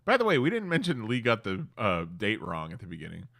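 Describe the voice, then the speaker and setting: A man's voice: on the low side, wildly swooping pitch, fairly quick, vocal fry, fairly bright tone. A man co-hosting a podcast, joking along and riffing with made-up dialogue. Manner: joking, riffs with imagined dialogue. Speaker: podcast co-host. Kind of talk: casual chat.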